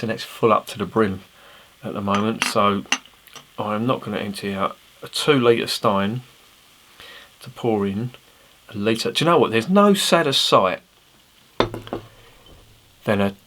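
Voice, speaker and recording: Chatty man, low voice. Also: a bit bright, slight background noise. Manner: chatty, rambling, jokey asides. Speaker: beer reviewer. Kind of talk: casual beer review to camera.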